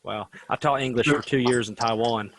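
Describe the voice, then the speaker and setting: A man hosting a casual talk show, thoughtful and relaxed, often hedging his points. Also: medium pitch, moderate pace, a little hiss or hum. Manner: relaxed, reflective, many hedges. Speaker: host. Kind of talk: casual chat.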